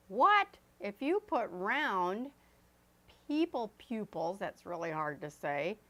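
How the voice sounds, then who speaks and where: A woman teaching an oil painting lesson as she paints, chatty and loose, with fillers and self-corrections. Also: medium pitch. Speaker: art instructor. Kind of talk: painting demonstration.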